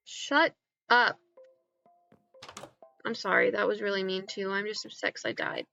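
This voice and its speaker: A young woman streaming a game, keeping up an excitable, self-mocking running commentary as she plays. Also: mid-range voice, measured pace, vocal fry, long pauses, highs cut off, soft background music. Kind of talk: casual live-stream chatter while gaming.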